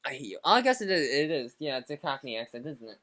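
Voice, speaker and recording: Lively man, blunt and swearing. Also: mid-range voice, fast. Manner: blunt, swears when teased. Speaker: podcast co-host. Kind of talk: casual gaming podcast chat.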